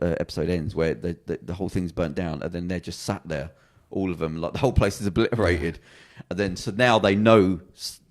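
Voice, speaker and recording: Brief: man, podcast co-host, rambling retelling of a TV plot with acted-out quotes; low voice, rapid delivery. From England. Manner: rambling, animated storytelling with acted quotes and restarts. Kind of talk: casual chat, retelling a TV plot.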